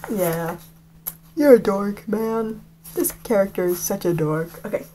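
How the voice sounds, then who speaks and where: Chatty female book reader with a lively pitch and casual, mocking asides. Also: a little slow, slight background noise. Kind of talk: reading a novel aloud with asides.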